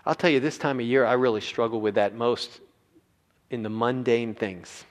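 A man preaching a sermon as a pastor, animated and acting out characters in his telling. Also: mid-range voice, normal speed. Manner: animated, acts out biblical characters with voices. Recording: reverberant hall.

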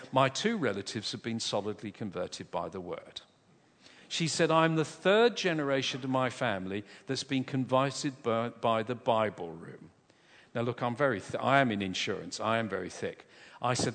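A man preaching a sermon in a church, an animated and humorous storyteller who pokes fun at himself. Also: mid-range voice. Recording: long reverb of a large church.

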